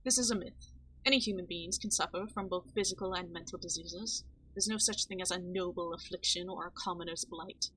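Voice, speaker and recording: A woman voicing a calm, inquisitive male town doctor with measured, probing questions, reading game dialogue aloud. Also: on the low side, slight background noise, close to an everyday voice, rough recording.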